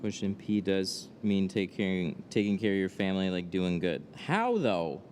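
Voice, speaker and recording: A man with a lowish voice talks in his tint workshop, joking loosely about slang and then explaining film options in plain, businesslike terms. A faint hum of background noise sits under his voice. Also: lively intonation, moderate pace, a little mellow. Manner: joking and self-mocking in banter, plain and businesslike on the phone. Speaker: window tint shop owner. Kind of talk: casual chat and phone call with a customer.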